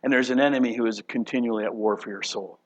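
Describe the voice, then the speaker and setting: A man preaching a sermon dramatically, shifting between loud outbursts and hushed, low passages. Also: fairly even intonation, fast, muffled recording. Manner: dramatic, acts out voices of God and angels, swings from loud to hushed. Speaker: pastor.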